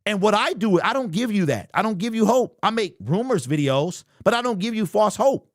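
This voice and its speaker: Reading super chats during his sports livestream, a man argues heatedly with viewer comments, animated and repeating himself often. He speaks at a normal speed in a high-sitting voice, captured in clean, echo-free studio quality.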